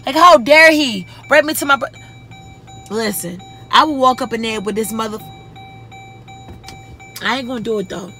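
A woman's voice: on the high side, normal speed, long pauses, bright, forceful tone, soft background music. A tipsy young woman in her twenties from Baltimore, ranting and cursing while she vlogs from a parked car. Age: 20s. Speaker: vlogger. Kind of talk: casual vlog chat. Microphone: handheld camera.

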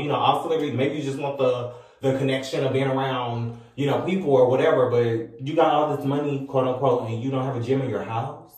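A man's voice: a little high, a little mellow, distant mic. Sassy man ranting in an echoey room. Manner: sassy, scolding, rhetorical questions, repeats phrases. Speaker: vlogger. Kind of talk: ranting commentary to camera. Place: room with a ring light and mirror.

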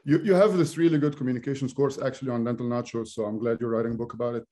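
A man's voice: mid-range voice, fairly even intonation, very fast, mellow. A man hosting an interview as a dentist, giving supportive replies and sharing his own patient story. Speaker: dentist and podcast host. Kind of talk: conversational interview.

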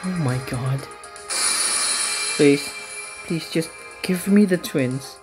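A woman's voice: low-pitched, slow, music in the background, low-quality recording. A woman hosting a gaming video, giving casual commentary on her game pulls in an anxious, pleading, dramatic way.

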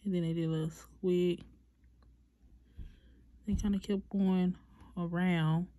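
A young woman chatting through a nail tutorial, talking to viewers as "y'all" in a relaxed, chatty way. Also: lowish voice, takes it slowly. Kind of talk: casual tutorial chat.

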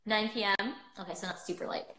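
A woman's voice: medium pitch, fast, sharp tone, roomy sound, rough recording. A woman in her twenties hosting a casual livestream chat from her phone, bubbly and chatty, laughing often. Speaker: host of a livestream.

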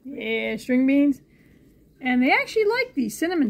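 A woman with a high voice unpacks new things for her pet bird at home. She coos at the bird in a sing-song baby-talk tone, then turns back to the viewers with calmer explanations. Faint household noise sits under her voice. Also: moderate pace. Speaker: pet bird owner filming her parrot. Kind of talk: casual home vlog.

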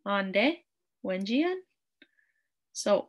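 A woman teaching a beginners' language class online, saying each phrase slowly and repeating it patiently. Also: mid-range voice, lively intonation.

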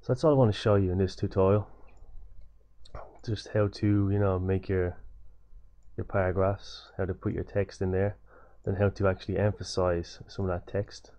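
A young man with a low, mellow voice explains web coding in a casual, rambling way. He repeats himself and starts sentences over. The audio is slightly dull and muffled. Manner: loose and repetitive, many fillers and restarts. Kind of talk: casual screen-recorded coding tutorial.

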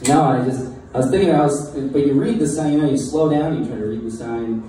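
A young man doing a halting, self-deprecating stand-up set in a bar taproom. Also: mid-range voice, dark tone. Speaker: stand-up comedian. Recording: echoey distant room mic with crowd noise.

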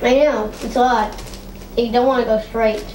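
Chatty high-voiced woman vlogging at home. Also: level tone, moderate pace. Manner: chatty, hesitant with many ums. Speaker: vlogger decorating a tree. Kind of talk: casual home vlog chat. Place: home living room indoors. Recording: echoey room with faint noise.

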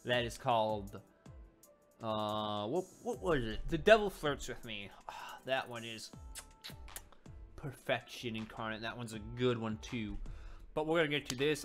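A man casually reviewing a web comic, rambling and correcting himself as he goes. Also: mid-range voice. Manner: rambling, self-correcting, animated. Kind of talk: casual video commentary. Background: faint background music.

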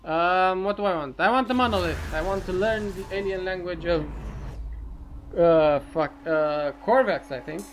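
Gamer guy, slightly high voice, unhurried, swears a lot and mutters at the screen over clear background noise. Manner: profane, muttering, talks to himself. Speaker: let's play commentator. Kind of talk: casual gameplay commentary.

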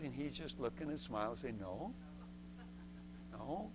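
A man preaching a sermon as a testimony, telling a story with lively acted-out voices and laughs between points. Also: medium pitch, a little slow, pauses often, background noise. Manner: acts out voices in the story and shouts the excited parts.

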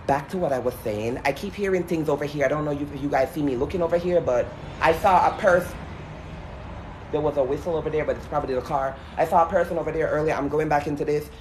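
This paranormal vlogger is a man with a lisp who explores an abandoned building outdoors while chatting on a casual livestream. His voice runs on the high side with a darkish tone, he talks fast, and a little hiss or hum sits in the background. He speaks straight to his viewers, throwing in nervous asides.

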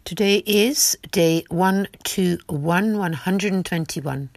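A woman reading devotional stories aloud in a slow, careful manner. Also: lowish voice, a little hiss or hum. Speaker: devotional story reader.

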